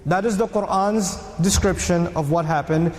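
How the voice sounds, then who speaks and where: A man giving a storytelling religious lecture to a live audience, animated and firing rhetorical questions at the listeners. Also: sits high, moderate pace, reverberant, long reverb tail. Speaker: Islamic lecturer.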